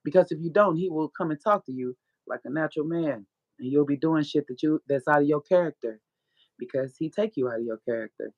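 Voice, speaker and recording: A woman's voice: deep voice, fairly quick, darkish tone, dry recording, muffled recording. A woman guest telling her story in a blunt, profane way, mixing in spiritual preaching and frequent laughter. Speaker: guest author. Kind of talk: candid personal storytelling.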